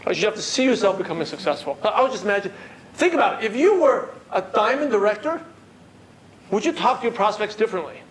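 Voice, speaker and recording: A man with a non-native English accent, coaching a live audience in a lively way and asking the room questions. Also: high-pitched, quick pace, a little hiss or hum, rough recording. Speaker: network marketing trainer. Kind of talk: seminar talk to a live audience.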